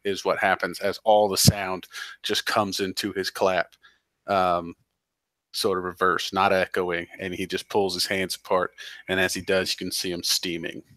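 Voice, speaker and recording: A man's voice: low-pitched, flat delivery, normal speed, pushed and bright, dry recording. A man running a tabletop game as game master, explaining rules and narrating in long run-on sentences with many fillers.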